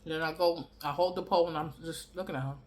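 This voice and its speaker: A woman with a fairly low voice tells a story in a casual vlog, blunt and profane, animating each line as she goes. There is a faint hum of room sound behind her. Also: steady tone, fast. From New York City. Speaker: vlogger.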